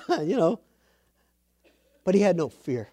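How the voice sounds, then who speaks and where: A man's voice: sits high, wildly swooping pitch, takes it slowly, mellow, no room sound. A man preaching a sermon, telling a story with energy and acting out the quotes.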